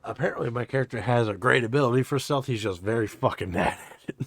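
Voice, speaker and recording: A man's voice: mid-range voice, fast talker, no room sound. A man playing a tabletop game, talking casually and hesitantly, thinking aloud with fillers. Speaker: player.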